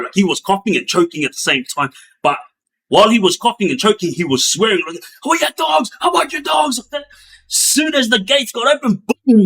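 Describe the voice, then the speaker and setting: Animated storyteller man, lightly raised voice. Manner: animated, acts out sounds and quotes with bursts of raised pitch; many fillers and restarts, loose slangy delivery. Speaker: former gang member sharing prison stories. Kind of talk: casual storytelling.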